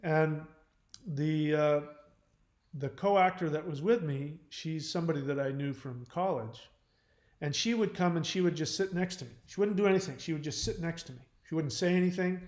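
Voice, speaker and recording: A channel host who covers relationships and codependency takes chat questions on a live stream, speaking frankly at a moderate pace. His voice is a bit high yet darkish in tone, loose and rambling with restarts and fillers, set in a noticeably echoey room.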